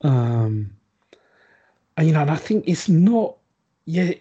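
A man's voice: a little high, sing-song, slow pace, warm tone, slightly rough, lo-fi sound. A man chatting casually on a podcast, rambling with lots of ums and restarts. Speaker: podcast guest. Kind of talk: casual chat.

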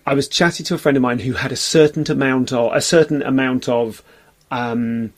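A man's voice: mid-range voice, fairly even intonation, moderate pace. A man in his forties, a comedian on a podcast, chatting casually in a rambling, self-deprecating way and briefly acting out the voices of people he quotes.

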